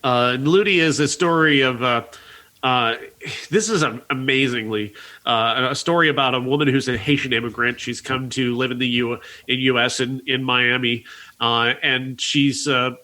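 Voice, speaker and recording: A man's voice: medium pitch, steady tone, moderate pace, pushed and bright. A man reviewing films on a podcast, recounting a plot at length with frequent fillers. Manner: earnest, recounts plots at length with many uh fillers. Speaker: podcast film critic. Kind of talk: casual podcast movie review.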